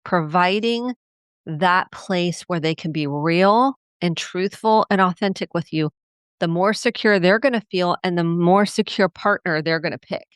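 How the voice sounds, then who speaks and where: A woman's voice: measured pace, clear, resonant tone, no echo, clean studio sound. A middle-aged woman, a family therapist, hosting a solo podcast and talking earnestly and reflectively about family life. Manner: earnest, reflective, acts out quoted parents in a higher voice.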